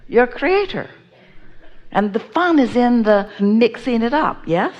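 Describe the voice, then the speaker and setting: A woman's voice: fairly high pitch, lively intonation, a little slow, a little mellow, lo-fi sound. A woman teaching a live seminar audience, speaking as "we" and often checking that listeners follow. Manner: speaks as "we", asks the listener to agree.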